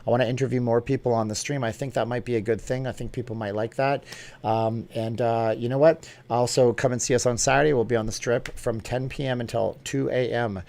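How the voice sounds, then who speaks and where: A man's voice: mid-range voice, steady tone, a little fast, vocal fry, darkish tone. A middle-aged American man hosting a casual live stream from a studio, chatty and upbeat as he answers viewers.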